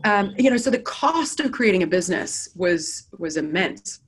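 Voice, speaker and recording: A middle-aged woman with an American accent, a business founder telling her story as an interview guest in a candid, lively and self-deprecating way, recorded in an office. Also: on the low side, normal speed, slight background noise.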